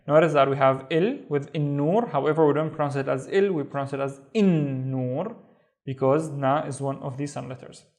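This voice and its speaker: A man's voice: on the high side, fairly even intonation, a little mellow. Patient man teaching word by word. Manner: patient, sounds out syllables slowly and repeats them. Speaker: Arabic teacher. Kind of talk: slow step-by-step reading lesson.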